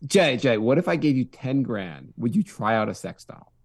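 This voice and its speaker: A man's voice: medium pitch, very animated, moderate pace, no echo, clean studio sound. A man co-hosting a podcast, joking around in casual banter and acting out quoted voices. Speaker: podcast co-host.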